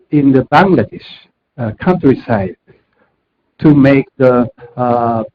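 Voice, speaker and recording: Japanese-accented man presenting, halting. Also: mid-range voice, a little hiss or hum. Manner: halting, frequent fillers and restarts. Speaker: conference presenter. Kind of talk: technical presentation. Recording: dull lo-fi conference audio.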